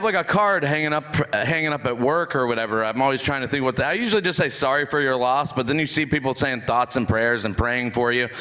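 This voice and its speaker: A man's voice: mid-range voice, bright, forceful tone. A man doing a stand-up set at a comedy club, telling a rambling story in a casual way. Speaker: stand-up comic.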